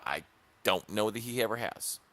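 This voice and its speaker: A man's voice: fairly low pitch, normal speed, fairly bright tone. A man hosting a talk show, giving an emphatic opinion monologue that tells stories and repeats key phrases for punch.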